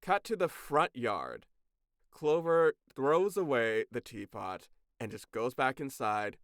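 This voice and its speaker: A male podcast host recapping a cartoon in an animated, sarcastic way. His voice is smooth and clear, with lively rises and falls. It is recorded on a close mic with a dry sound. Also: mid-range voice, slow pace, no room sound. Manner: animated, sarcastic storytelling with profanity. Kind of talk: casual recap chat.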